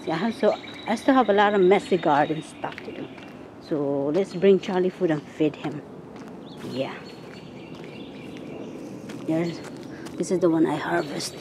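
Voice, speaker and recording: A woman chatting casually while she walks through her backyard garden, sometimes calling to her pet rabbit in a high sing-song voice. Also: a little slow, long pauses. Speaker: vlogger giving a garden tour. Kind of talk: casual chat while walking. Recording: outdoor phone video with faint nature noise.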